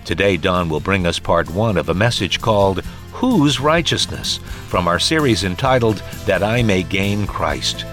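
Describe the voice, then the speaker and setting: A man announcing a radio program in a smooth, scripted delivery. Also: low-pitched, sing-song, unhurried, hardly any pauses, a bit bright. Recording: voice over background music.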